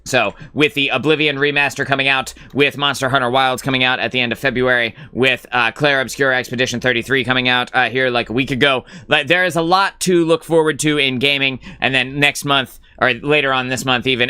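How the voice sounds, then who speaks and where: A man chatting loosely on a live gaming stream, his voice bright and forceful with a smooth, crisp tone. He rambles through plenty of "uh"s and "like"s and gets blunt and profane when something annoys him. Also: mid-range voice. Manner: rambling and filler-heavy, with frequent "uh" and "like"; blunt and profane, reading and answering chat. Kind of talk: casual live-stream chat.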